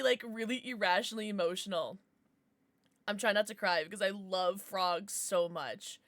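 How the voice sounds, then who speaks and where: A woman's voice: mid-range voice, normal speed, no echo, studio quality. A woman hosting a casual livestream, bubbly and chatty as she greets her viewers by name and blows them kisses. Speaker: livestream host.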